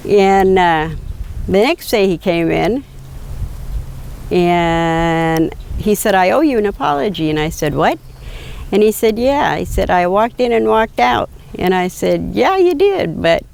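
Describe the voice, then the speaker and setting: An older woman slowly recounting a personal story, quoting others with frequent hesitations and fillers. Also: on the low side, creaky, darkish tone. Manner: slow, reflective, quoting dialogue with hesitations. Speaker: patient telling her story.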